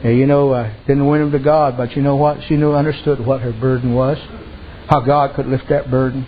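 A man's voice: mid-range voice, flat delivery, normal speed, slight background noise. A man preaching a sermon, telling folksy stories and dropping repeated amens. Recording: dull lo-fi recording.

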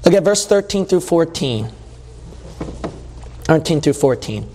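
Male preacher, high voice, emphatic, drawn-out stresses then fast runs, church hall with long reverb. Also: lively intonation, a little mellow. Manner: emphatic, asks the listeners questions; shifts between slow stresses and quick bursts. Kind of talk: sermon.

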